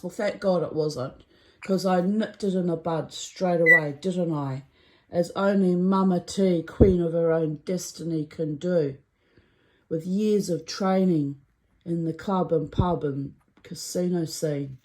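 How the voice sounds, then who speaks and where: A woman's voice: fairly low pitch, unhurried, low-quality recording. A middle-aged woman telling a story in a rambling, chatty way, full of asides. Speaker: vlogger. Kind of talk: casual storytelling monologue.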